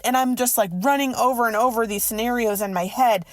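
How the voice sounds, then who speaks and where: A woman podcast host and mindset coach telling a personal story in a casual, animated way, full of "like" and quoted thoughts. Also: on the high side, fairly quick, few pauses, no room sound. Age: adult. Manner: animated, emotional retelling with many "like"s.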